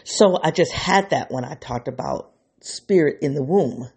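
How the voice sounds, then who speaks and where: Husky gravelly man musing aloud. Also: a little high, dark tone. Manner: rambling, restarts thoughts, openly emotional. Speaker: vlogger speaking to his viewers. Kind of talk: unscripted reflective monologue.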